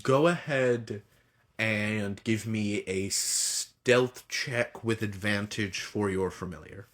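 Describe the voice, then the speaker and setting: Brief: male game master, low, unhurried, descriptive narration. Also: fairly bright tone. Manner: laid-back, descriptive, with frequent ums.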